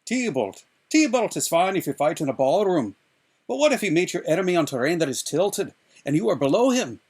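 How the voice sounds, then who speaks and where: A man voicing a crippled old fencing master who scoffs at his pupil and lectures him loudly with a gravelly voice. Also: high-pitched, very animated, brisk, pitched above the performer's own voice, heavily acted. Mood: scornful. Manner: loud, challenging, lecturing.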